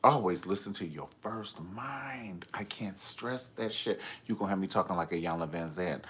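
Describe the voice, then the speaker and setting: A man hosting a livestream from home, telling stories in a sassy, profane, animated way. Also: sits low, normal speed, hardly any pauses, a little hiss or hum. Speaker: livestream host. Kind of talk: comedic storytelling.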